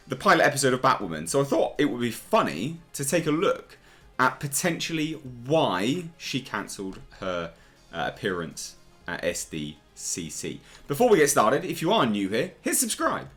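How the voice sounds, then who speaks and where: A man's voice: on the high side, very animated, measured pace, a bit bright, soft background music. A man hosting a casual pop-culture commentary video, talking in a sarcastic, exasperated way. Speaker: YouTube commentary host.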